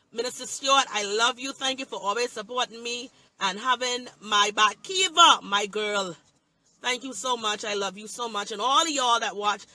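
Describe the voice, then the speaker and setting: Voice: mid-range voice, sharp tone, slight background noise. A pastor preaching on a phone livestream, emphatic and repetitive, with heavy dialect.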